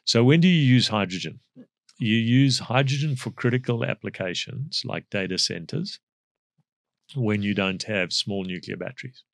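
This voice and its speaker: A middle-aged man with a South African accent, speaking as an energy expert in a podcast interview, measured and explanatory with frequent fillers. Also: on the low side, expressive, gravelly, dry recording, clean studio sound.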